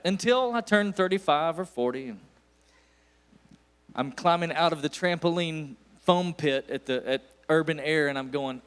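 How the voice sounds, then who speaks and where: East Tennessee-accented preacher, higher-pitched man. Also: animated, a little slow, a bit bright, smooth. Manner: folksy storytelling, rising to emphatic bursts. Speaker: guest pastor. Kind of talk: sermon.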